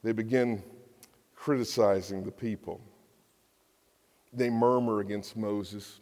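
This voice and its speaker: A man's voice: mid-range voice, measured pace, darkish tone. A male pastor preaching a conversational, jokey sermon and acting out quotes in voices. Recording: long hall reverb.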